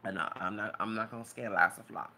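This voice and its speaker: Gravelly man ranting to camera. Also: lowish voice, fairly even intonation, fast talker. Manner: emotional, preachy, loud and rambling. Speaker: vlogger. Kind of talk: impassioned rant to camera.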